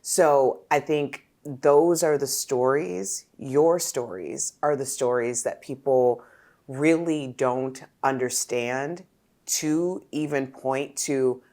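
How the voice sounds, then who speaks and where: A woman hosting a podcast interview, talking in an animated, emphatic way and laughing often. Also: extremely low pitch, takes it slowly. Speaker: podcast host. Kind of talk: casual conversational interview.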